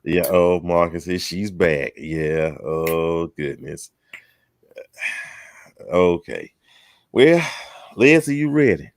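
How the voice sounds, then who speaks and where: A very deep-voiced man hosts a relaxed chat show, greeting people with folksy teasing. His voice swings up and down a lot, and the sound is dry and close. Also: slow, pauses often, dry recording. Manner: folksy, teasing, drawling southern talk. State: out of breath. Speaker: host. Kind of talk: casual chat show welcome.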